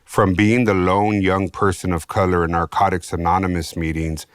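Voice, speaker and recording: Man, from San Diego, podcast guest, animated storytelling, slang and swearing, very low voice. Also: normal speed, dry recording, clean studio sound. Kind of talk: casual storytelling.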